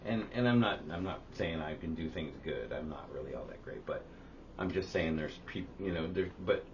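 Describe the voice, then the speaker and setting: A man co-hosting a casual podcast chat tells stories animatedly at a moderate pace, swearing a lot and jumping high in pitch for quoted voices. The audio is slightly dull with a faint hiss.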